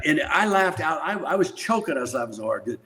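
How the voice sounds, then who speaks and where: A man's voice: fairly high pitch, big pitch swings, fast, bright, forceful tone, rough recording. An older man, a podcast guest, telling rambling, profane anecdotes in casual conversation and laughing often. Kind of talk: casual storytelling.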